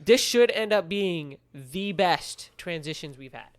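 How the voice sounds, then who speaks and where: A man's voice: sits high, lively intonation, a little slow, clean tone. A man co-hosting a podcast in casual chat, rambling and upbeat and agreeing often. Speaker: podcast co-host and writer.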